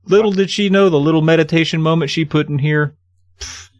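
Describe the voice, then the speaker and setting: A man's voice: fairly high pitch, fairly even intonation, fast, darkish tone, no echo. A man co-hosting a comedic podcast in an exaggerated, put-on Southern US accent, goofy and mock-indignant. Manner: goofy, indignant, laid-back. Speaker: podcast co-host.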